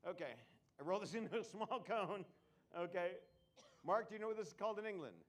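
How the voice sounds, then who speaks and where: A man's voice: high voice, fairly quick. A man performing a live comedy magic show, joking with volunteers from the audience between tricks.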